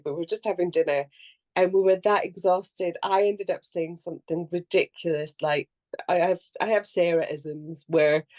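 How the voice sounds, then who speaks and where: Lively, lower-voiced woman telling stories. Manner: animated storyteller who acts out quotes and laughs often. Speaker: actor and podcast co-host. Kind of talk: casual podcast chat.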